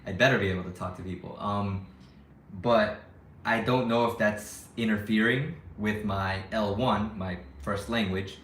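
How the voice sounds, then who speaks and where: A man who teaches English, chatting casually on a livestream, saying words clearly with occasional fast bursts. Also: lowish voice, fairly bright tone, roomy sound.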